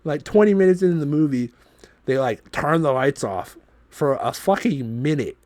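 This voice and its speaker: A man's voice: on the high side, moderate pace, no room sound. Guy on a podcast telling a story, swears a lot, gets worked up, mic real close and dry. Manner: profane, animated storytelling with laughs. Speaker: podcast host.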